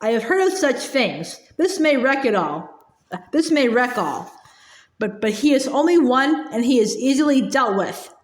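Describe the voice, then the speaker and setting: A woman's voice: sits high, sing-song, measured pace. A woman voicing an imperious, scheming witch queen in a storybook read-aloud, haughty and commanding. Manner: haughty and commanding, then falsely sweet. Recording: echoey room.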